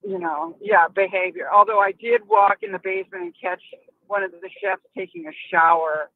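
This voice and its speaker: A woman's voice: high voice, wildly swooping pitch, moderate pace, vocal fry. A woman from South Milwaukee calling a radio show, talking emphatically and laughing often. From South Milwaukee, Wisconsin. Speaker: caller. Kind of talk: call-in radio chat. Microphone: phone. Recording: tinny phone line.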